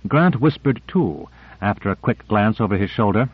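A man narrating a novel in a measured, steady read. The sound is bone-dry and squeezed narrow, like a voice down a phone line. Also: on the low side, husky, no echo. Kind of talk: scripted audiobook narration.

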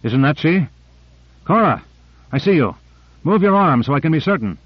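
A man's voice: on the high side, sing-song, brisk, breathy edge, no room sound, dull audio, voice pushed up. A man voicing a shaken but determined rescuer who calls out urgently while swimming. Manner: urgent, calling out.

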